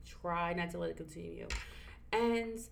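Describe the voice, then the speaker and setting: A woman co-hosting a casual podcast, open-hearted and quick to laugh or get emotional. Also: fairly low pitch, vocal fry, a little hiss or hum. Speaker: podcast co-host. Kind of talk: casual chat.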